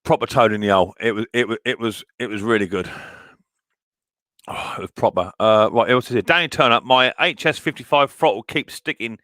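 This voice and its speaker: A man's voice: medium pitch, a little fast, sharp tone, no echo, studio quality. A man hosting a live stream, chatting casually and greeting viewers by name with cheerful banter. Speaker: livestream host reading chat.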